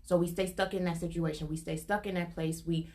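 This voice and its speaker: A woman's voice: lowish voice, steady tone, fairly quick, darkish tone. A young adult woman sharing an informal prophetic testimony, earnest and repetitive, her intensity building as she goes. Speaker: prophetic minister.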